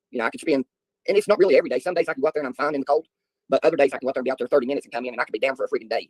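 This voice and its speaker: Middle-aged man, rapid rambling folksy chat, husky voice, dry close sound. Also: mid-range voice, dry recording, low-quality recording. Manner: rambling, folksy storytelling with filler ums. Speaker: livestream host. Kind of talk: casual chat answering viewers.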